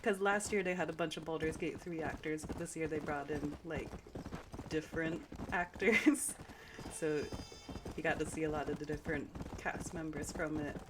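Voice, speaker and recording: A woman's voice: low voice, steady tone, moderate pace, noisy background. A woman game streamer chatting casually while she plays, rambling through stories with lots of fillers and easy laughs. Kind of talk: casual chat while playing. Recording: game sounds and hoofbeats loud underneath.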